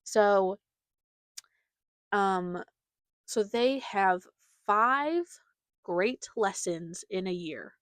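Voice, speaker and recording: A woman's voice: mid-range voice, lively intonation, very slow, pauses often, dry recording. A young woman hosting her podcast, chatting casually with many fillers and giggles. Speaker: podcast host. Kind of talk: casual solo chat.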